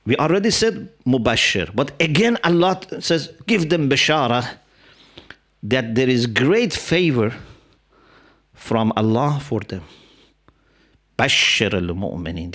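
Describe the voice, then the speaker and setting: A man's voice: medium pitch, a bit bright. Man giving a religious talk, English. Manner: explanatory storytelling with Arabic quotations; frequent "yeah?" and "you know" to check in with listeners. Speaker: Islamic scholar and lecturer. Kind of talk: religious lecture. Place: mosque hall with a live audience.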